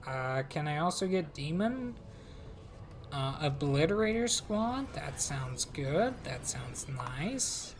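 A woman's voice: low voice, noisy background. A woman streamer giving casual, playful commentary as she plays a strategy game, talking to her units and laughing.

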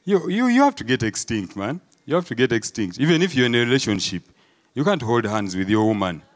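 A man with a Ugandan English accent doing a stand-up comedy set, telling animated stories and asking the crowd "eh?". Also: medium pitch, brisk. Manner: animated storytelling, acts out crowd voices, peppered with "eh?". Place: live comedy show before an audience.

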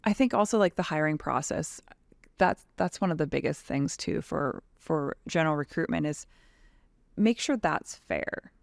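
As a guest in a casual podcast conversation, this Canadian tradeswoman and advocacy leader in her thirties talks frankly and animatedly, peppering in "like." Her voice sits low, expressive and creaky, at a moderate pace. The recording is dry and studio quality.

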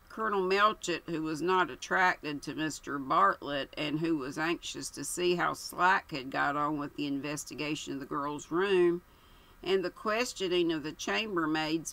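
A woman's voice: deep voice, unhurried, sharp tone, rough recording. Older woman reading a mystery aloud. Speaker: audiobook reader.

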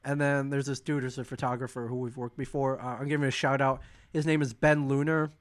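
A man's voice: medium pitch, little pitch movement, fairly quick. A man co-hosting a podcast in casual chat, joking, teasing and rambling. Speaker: podcast co-host.

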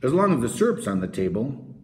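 A man playing a gruff middle-aged uncle who is dry and grumbling but kindly underneath. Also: mid-range voice, big pitch swings, brisk, slight background noise, lightly acted. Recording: roomy echo.

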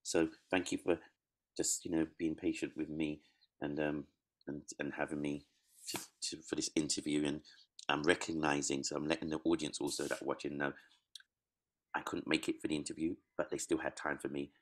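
Very deep-voiced comedian. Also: male voice, a little fast. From East London. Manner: animated storytelling, acts out quotes. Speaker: comedian, interview guest. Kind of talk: casual interview.

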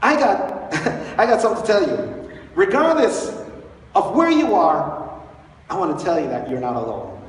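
A man preaching a sermon as pastor, telling the story in an animated, chatty way and chuckling often. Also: sits high, normal speed, long pauses. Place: church sanctuary. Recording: echoey hall, far from the mic.

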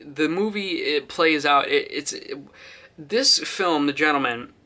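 A man's voice: a little high, unhurried, pushed and bright. A young man casually reviewing a movie on his channel, rambling with lots of fillers and restarts.

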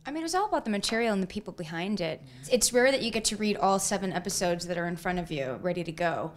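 A woman's voice: fairly low pitch, expressive, fast, a little hiss or hum. A woman, an actress guest, chatting casually in an interview and telling stories with giggles.

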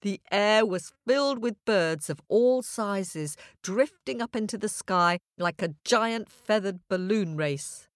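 A woman's voice: mid-range voice, slow, hardly any pauses, no echo, studio quality. A woman telling a children's fable, playful and talking directly to the young listeners. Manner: lively, playful, talks to listeners. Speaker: storyteller. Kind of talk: children's story narration.

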